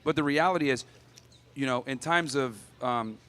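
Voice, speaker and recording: Male dating show contestant, mid-pitched and even, lecturing a debate point matter-of-factly. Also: normal speed.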